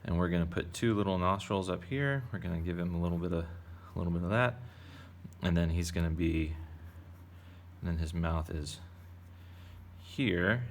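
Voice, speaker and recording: Gravelly deep-voiced man teaching drawing. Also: moderate pace, slight background noise. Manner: playful, chatty, narrates while drawing. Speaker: art teacher. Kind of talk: casual drawing tutorial for kids.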